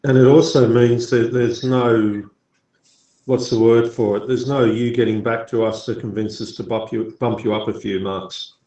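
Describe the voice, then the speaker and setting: A man lecturing in an online class, measured and explanatory with some dry joking. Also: medium pitch, steady tone, mellow, roomy sound, dull audio. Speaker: university lecturer.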